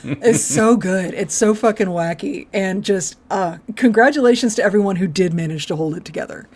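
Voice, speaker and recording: A woman's voice: medium pitch, normal speed, a little mellow. A woman co-hosting a podcast, chatting casually and enthusiastically about a TV episode, swearing freely and laughing often. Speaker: podcast co-host. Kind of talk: casual chat recapping a TV episode.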